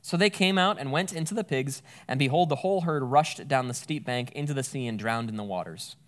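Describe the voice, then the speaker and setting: A man's voice: medium pitch, a little fast. A man giving a casual, conversational Bible teaching, thinking aloud and correcting himself as he goes.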